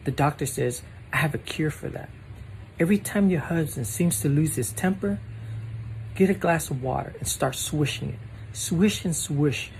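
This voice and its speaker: A voice reading out a joke in an even, measured way. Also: medium pitch, a little hiss or hum, rough recording. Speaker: joke narrator. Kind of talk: scripted narration.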